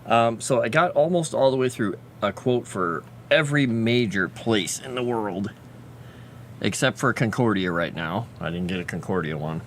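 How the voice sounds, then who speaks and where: In a casual livestream, a man with a fairly low, lively voice talks at a normal speed, speaking fondly to both his pet and his viewers. He is a livestreamer who also writes fantasy lore, and there's slight background noise.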